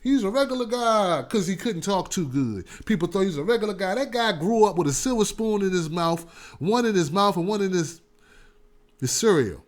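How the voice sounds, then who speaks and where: Male talk host, higher voice, casual animated rant, repeats himself, laughs a lot. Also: moderate pace. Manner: animated, repetitive, laughs often. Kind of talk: casual political commentary.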